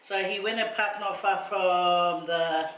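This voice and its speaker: A woman's voice: lowish voice, fairly even intonation, slow, fairly bright tone. A middle-aged woman from Samoa telling a rambling story with laughing asides while she cooks. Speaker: vlogger. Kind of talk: casual storytelling while cooking. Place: home kitchen. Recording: echoey kitchen with faint music.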